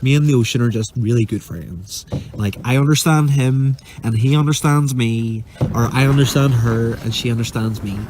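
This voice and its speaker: Man, breathless and gushing, on a phone voice note with clear sea noise. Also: medium pitch, normal speed. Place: sailing boat out on the ocean.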